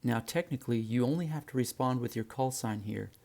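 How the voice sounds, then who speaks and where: Gravelly, mellow-voiced man teaching flying. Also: medium pitch, a little fast. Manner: relaxed, friendly explaining, addresses viewers as guys. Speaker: flight instructor. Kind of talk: instructional narration.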